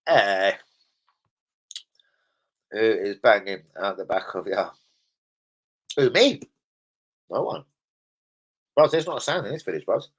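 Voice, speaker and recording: A man's voice: fairly low pitch, expressive, slow pace, long pauses, breathy edge, low-quality recording. Sweary London man chatting live. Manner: slangy and sweary, rambling anecdotes. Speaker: football fan live streamer. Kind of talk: casual live-stream chat. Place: indoors at home in a village.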